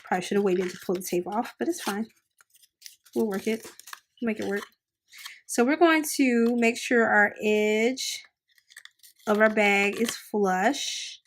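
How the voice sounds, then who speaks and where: A woman's voice: mid-range voice, measured pace, long pauses, a little hiss or hum. A woman hosting a crafting tutorial, chatting upbeat and casual while she works with her hands. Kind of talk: casual how-to demonstration.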